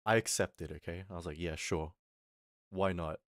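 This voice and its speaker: A young man streamer telling a story in a casual rant, animated and swearing, acting out what people said. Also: low-pitched, normal speed, no room sound, clean studio sound.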